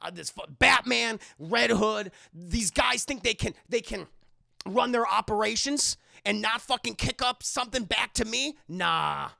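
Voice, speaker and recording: A man's voice: high voice, expressive, measured pace, creaky, pushed and bright, no room sound, heavily acted. A man voicing a furious male crime boss who rants orders at his men. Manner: ranting, stammering with rage.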